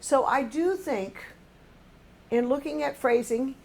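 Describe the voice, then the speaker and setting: A woman's voice: sits high, slow, gravelly, darkish tone. An older woman, a choir music director, patiently explaining musical phrasing to a singing class and humming short examples.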